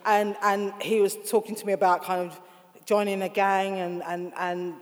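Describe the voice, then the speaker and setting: Woman author, interview guest; animated, laughing storyteller; reverberant room. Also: medium pitch, normal speed. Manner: animated, laughing, acts out quoted voices.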